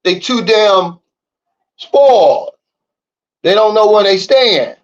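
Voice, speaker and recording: In lo-fi sound, a man based in the Philippines hosts a casual livestream with a high, somewhat bright voice and an unhurried pace. Blunt and fired-up, he reads the chat and rants, returning again and again to "Big Dog" and "okay?".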